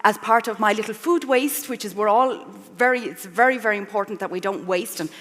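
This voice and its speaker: A woman's voice: mid-range voice, fairly quick, fairly bright tone. Chatty Irish woman chef in a hall. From Ireland. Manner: chatty and self-mocking, laughing often. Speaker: chef giving a cooking demonstration. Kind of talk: live cooking demo on stage. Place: festival stage in a large hall. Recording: live hall reverb.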